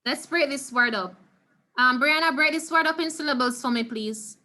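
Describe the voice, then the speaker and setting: A woman with a Jamaican accent teaching a Spanish class over a video call, patiently repeating words slowly for her students. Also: high voice, bright, forceful tone. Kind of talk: online class lesson. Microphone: computer mic on a video call.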